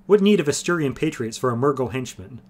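A man's voice: mid-range voice, lively intonation, fast talker, voice pushed up, natural voice. A man doing a fiery young patriot. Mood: fervent. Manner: intense, hot.

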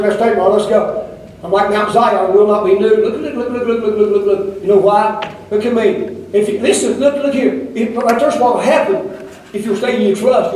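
An older man preaches a fiery, rhythmic sermon in a fairly high voice. He sounds distant from the mic, and his words ring through a very echoey church. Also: darkish tone, a little hiss or hum. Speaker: pastor. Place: church sanctuary. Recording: echoey distant room recording.

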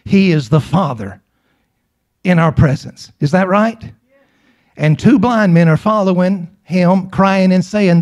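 Middle-aged male preacher, slightly high voice, emphatic and repetitive sermon delivery. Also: unhurried, a little mellow. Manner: emphatic, repeats and asks the congregation questions.

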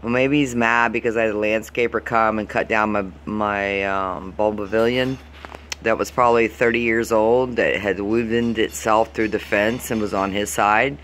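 A man's voice: on the low side, steady tone, normal speed, fairly bright tone, a little hiss or hum. A man from Florida ranting to the camera, swearing constantly and sounding fed up as he complains. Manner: profane, exasperated, heated complaining. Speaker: vlogger. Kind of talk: angry venting rant to camera.

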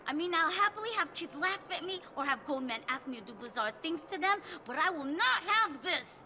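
A shrill, very high game character, a furious lady ranting at garden gnomes with indignant swoops and bright, sharp edges. Her voice leaps all over the place as she fumes. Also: animated, fairly quick, slight background noise, heavily acted. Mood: outraged. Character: irate woman outraged by garden gnomes. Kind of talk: video game voice acting.

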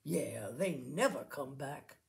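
A woman's voice: a bass voice, expressive, takes it slowly, gravelly, pitched below the performer's own voice, exaggerated voice. Woman putting on a grumbling older washroom attendant. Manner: complaining, puffing and moaning.

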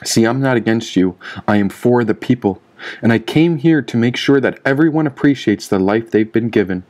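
A man reading the part of a cold, persuasive masked villain who lectures calmly in an audiobook. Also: mid-range voice, normal speed, natural voice. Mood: smooth, lecturing. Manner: calm, smooth, lecturing. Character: cold persuasive male villain in a golden mask.

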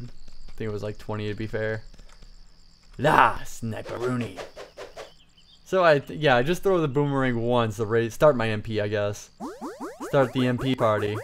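A man giving lively let's-play commentary, taunting game enemies and joking as he fights. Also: mid-range voice. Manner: excitable, taunting enemies aloud. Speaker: gaming channel host.

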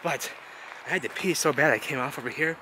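A man vlogging outdoors, narrating as he digs through ruins, rambling and excitable and repeating himself. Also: a little high, fast talker. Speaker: vlogger exploring urban ruins. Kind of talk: casual outdoor vlog narration. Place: outdoors in a wooded city lot. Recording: noisy outdoor camera audio.

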